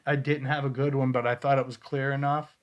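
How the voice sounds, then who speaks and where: Guy cohosting a podcast, joking around, easygoing mid-pitch voice. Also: level tone, quick pace, highs cut off. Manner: playful, bantering. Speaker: podcast co-host. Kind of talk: casual chat reviewing ghost-hunt audio.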